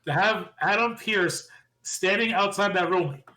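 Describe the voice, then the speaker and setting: A man co-hosting a podcast, excitedly retelling a wrestling show and acting out quotes with lots of laughter. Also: high-pitched, measured pace. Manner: excitable storyteller, laughs often, acts out quotes. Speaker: podcast co-host. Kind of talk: casual wrestling recap chat.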